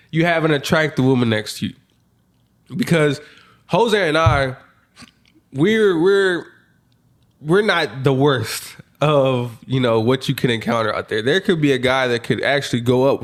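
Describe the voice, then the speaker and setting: A young man co-hosting a podcast in casual chat, often hesitating and restarting as he works out his point. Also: a little high. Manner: hesitant, repeats and restarts when explaining. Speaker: podcast co-host.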